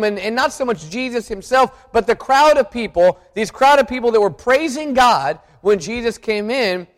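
A man preaching a sermon as pastor, earnest and reflective, often restarting and repeating words. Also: extremely high pitch. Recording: long hall reverb.

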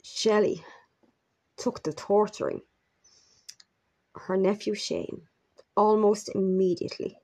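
A woman narrating a true crime story in a measured, grave manner with brief asides. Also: medium pitch, fairly even intonation, darkish tone, husky.

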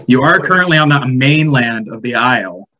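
A man running a tabletop game as game master, relaxed, describing scenes and making rulings. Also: mid-range voice, normal speed, a crowd in the background.

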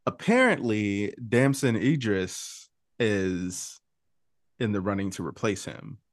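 A man co-hosting a casual pop culture podcast, talking in an animated, gossipy way with quick asides and laughs. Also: on the low side, no echo, studio quality. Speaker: podcast co-host.

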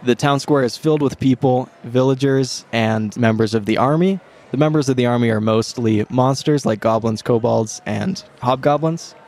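A man's voice: medium pitch, moderate pace, a little mellow. A young man runs a tabletop game as dungeon master, painting scenes with vivid detail. His voice sits in an ordinary middle range, and he laughs easily between descriptions.

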